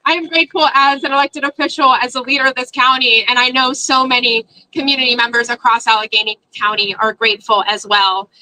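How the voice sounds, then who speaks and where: Woman politician, rally speech, high voice, bright tone, fervent and emotional. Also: little pitch movement, fairly quick, few pauses, poor audio. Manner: emotional, fervent public speaking. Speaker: county executive.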